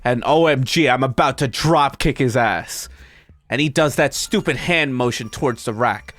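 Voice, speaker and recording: A male streamer reading an internet story aloud to his chat, breaking off into high, disbelieving comments. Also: normal speed. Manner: animated, breaks into high-pitched disbelieving asides.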